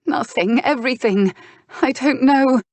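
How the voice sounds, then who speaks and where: A woman narrator voicing a young female stage actress, tearful and breaking into sharp outbursts. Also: sits high, unhurried, no room sound, pitched above the performer's own voice. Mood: distraught. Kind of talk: audiobook dialogue reading.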